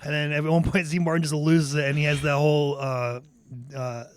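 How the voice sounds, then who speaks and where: Rambling podcast host, smooth clear voice. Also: male voice, fairly high pitch, level tone, fairly quick, dry recording. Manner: rambling with many "like" fillers. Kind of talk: casual movie review chat.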